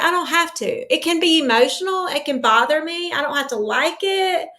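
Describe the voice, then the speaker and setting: A woman's voice: sits high, a bit bright. A woman yoga teacher speaking earnestly and emotionally about her faith in an interview. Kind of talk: faith-centered interview talk.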